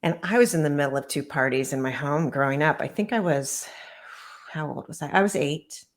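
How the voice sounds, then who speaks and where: A middle-aged woman, a guest author, recounting painful memories in an earnest, measured way during an interview. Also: sits low. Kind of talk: personal storytelling interview.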